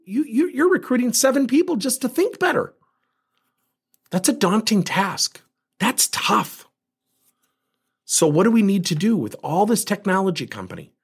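A man with a high-pitched, breathy-edged voice hosts a coaching podcast. As a leadership coach, he delivers an emphatic monologue to his listeners, throwing in rhetorical questions.

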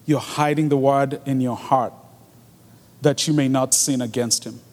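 A man's voice: mid-range voice, fairly even intonation, measured pace, a little mellow. A man preaching a sermon in an earnest way, repeating his key phrases for emphasis. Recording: long hall reverb.

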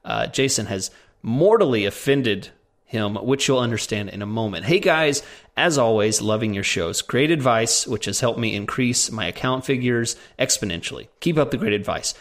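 A man hosts a casual Q&A show in a medium-pitched, everyday voice. He reads listener questions aloud and slips in teasing jokes about his co-host. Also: moderate pace. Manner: joking, teasing. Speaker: podcast co-host.

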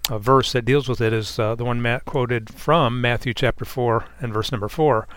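A man's voice: mid-range voice, steady tone, normal speed, fairly bright tone, clean tone. Earnest man reflecting on scripture. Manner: earnest, reflective, repeats words as he thinks. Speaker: pastor on a Bible discussion panel. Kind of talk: conversational Bible discussion.

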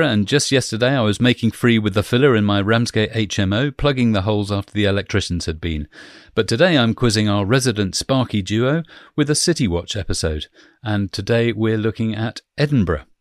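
A man's voice: on the low side, fairly quick, no echo, studio quality. A man hosting a podcast, chatty and leading the talk with questions. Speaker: podcast host. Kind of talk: casual podcast chat.

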